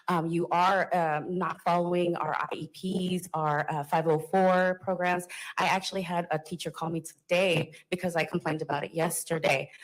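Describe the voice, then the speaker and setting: A woman's voice: lowish voice, poor audio. A woman parent giving an urgent, indignant public comment at a school board meeting, with some fillers and restarts.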